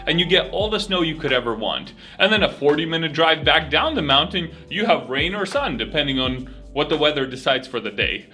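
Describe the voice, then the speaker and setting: A man hosting a vlog, talking casually to the camera in a chatty, animated way and laughing at his own stories. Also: a little high. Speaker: vlog host. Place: home region.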